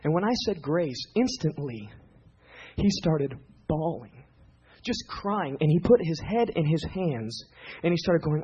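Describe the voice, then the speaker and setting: A man preaching a sermon, telling a personal story in an animated, emphatic way. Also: fairly high pitch, measured pace, husky. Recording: dull lo-fi recording.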